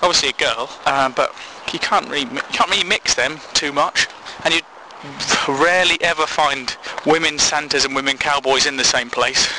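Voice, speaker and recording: A man doing a casual comic monologue, rambling from point to point and chuckling at his own sarcastic asides. His voice sits a little high for a man. Clear background noise of traffic and street ambience runs under the recording. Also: moderate pace. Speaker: comedy blog host.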